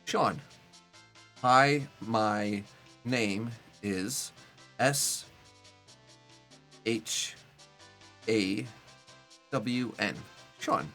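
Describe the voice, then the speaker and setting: Young male streamer, bright and forward tone, loose rambling commentary over quiet game music. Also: lowish voice, extremely slow, long pauses. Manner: rambling, chatty, heavy on "like" fillers. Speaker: Twitch streamer playing a video game. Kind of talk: casual live gameplay commentary.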